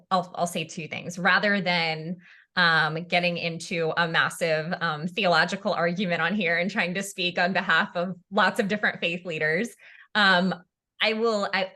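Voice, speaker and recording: Earnest woman pastor, warm emotional reassurance, bright clear tone, lower voice. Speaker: pastor and mental health advocate. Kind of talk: heartfelt discussion.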